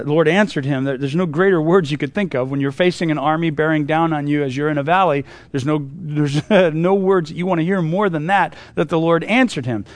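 A man's voice: a little high, no echo. A man teaching through a Bible passage in a casual, conversational way, with lots of asides and restarts.

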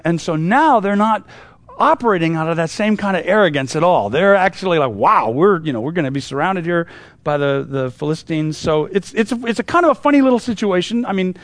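A man's voice: sits high, dry recording. A man teaching through a Bible passage in a casual, conversational way, with lots of asides and restarts.

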